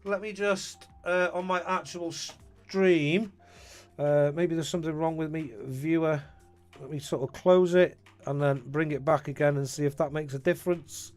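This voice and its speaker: A man's voice: a little high, fairly even intonation, normal speed, a little mellow, faint music behind. A man chatting casually on a live stream, greeting viewers and thinking aloud about his team.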